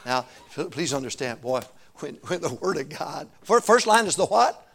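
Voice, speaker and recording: A man's voice: on the high side, normal speed, creaky. A middle-aged man preaching a sermon, telling stories, laughing often and calling for answers from the congregation. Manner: animated, calls for answers from the congregation.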